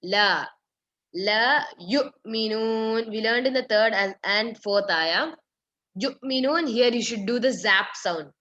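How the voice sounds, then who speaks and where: A woman's voice: a little high, a bit bright, slight background noise. Patient woman teaching recitation, lo-fi. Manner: repeats words slowly, correcting pronunciation step by step. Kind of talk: online tajweed lesson. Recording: dull lo-fi stream audio.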